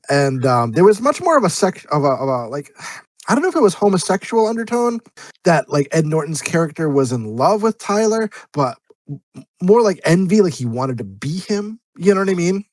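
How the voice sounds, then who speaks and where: A man's voice: fairly high pitch, darkish tone, dry recording. A man co-hosting a movie review podcast, explaining at length with many stops and restarts. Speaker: podcast co-host. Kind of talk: casual movie review chat.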